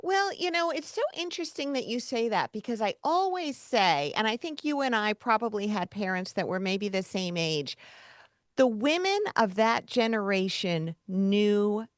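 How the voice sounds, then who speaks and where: Lively, chatty woman host with a dry sound. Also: medium pitch, normal speed, dry recording. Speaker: podcast host. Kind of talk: casual interview chat.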